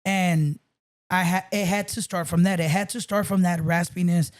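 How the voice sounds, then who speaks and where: A man's voice: sits high, fairly even intonation, normal speed. Guy rambling thru stories on a podcast, swears a lot, drops spanish words. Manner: loose, swearing storyteller, mixes in Spanish. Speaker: podcast guest, DJ. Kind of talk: casual chat.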